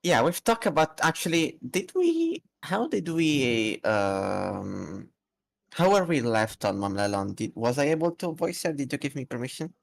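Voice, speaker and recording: A co-host chatting casually during a live read-through, giving quick, playful replies. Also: mid-range voice, big pitch swings, creaky. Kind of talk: casual chat.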